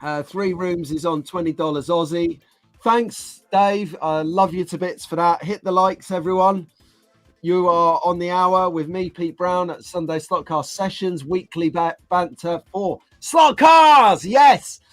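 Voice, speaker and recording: A man's voice: high voice, steady tone, measured pace, fairly bright tone, no echo, soft background music. A man hosting a casual live stream, reading out viewer comments and joking along with the chat. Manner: chatty, jokey, reads out viewer comments.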